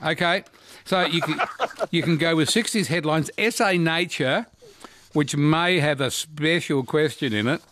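A man in his sixties with an Australian accent hosts a relaxed talkback radio quiz and chat, laughing often and restarting his sentences. His voice is on the high side and unhurried, with noise in the background.

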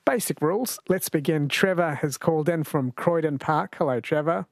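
Australian man, radio host, casual and jokey, slightly high voice, dry studio mic. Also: normal speed, vocal fry, dry recording. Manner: chatty and jokey, laughs often. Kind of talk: casual radio chat and quiz.

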